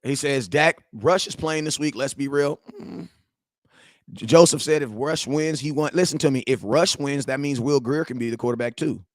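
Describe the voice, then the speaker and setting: A man's voice: medium pitch, moderate pace, no room sound. A young man hosting a sports talk stream, heated and slangy, repeating himself and talking straight to his viewers. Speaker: sports talk show host. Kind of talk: live-stream sports rant.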